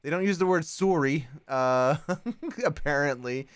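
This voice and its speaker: A man hosting a casual live stream, playful and laughing often, his voice swinging between loud calls and soft murmurs. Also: a little high, expressive, a little slow, smooth, no room sound. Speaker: streamer host.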